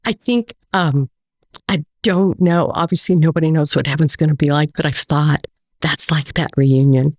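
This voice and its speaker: A woman's voice: low-pitched, normal speed, no echo. An American woman speaks as a guest in a casual interview, telling stories with lots of quoted back-and-forth. Her voice rises and falls often and sounds close and dry. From United States. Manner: animated, tells stories with quoted dialogue.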